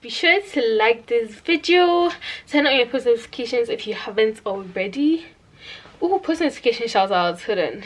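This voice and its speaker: A woman's voice: a little high, expressive, normal speed. A young woman chatting to her camera at home in a casual vlog, giggly and self-mocking. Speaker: vlogger. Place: at home indoors.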